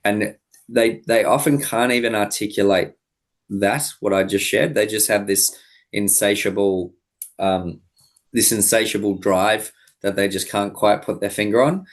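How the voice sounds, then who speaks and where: A male high-performance coach, appearing as a podcast guest, reflectively explains his ideas with many fillers. His tone stays steady and his pace measured.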